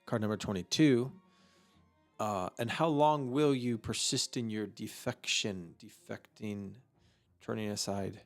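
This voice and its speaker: Man, mid-pitched, very slow and halting delivery, full of fillers, teaching vocabulary over faint music. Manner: slow and halting, thinking aloud with many fillers. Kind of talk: unscripted vocabulary lesson.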